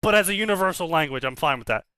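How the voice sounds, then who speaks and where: A man's voice: fairly high pitch, animated, racing, bright, forceful tone, smooth, no echo. A man co-hosting a podcast, ranting casually and cursing, often repeating his words as he starts a thought. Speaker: podcast co-host. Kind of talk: casual banter.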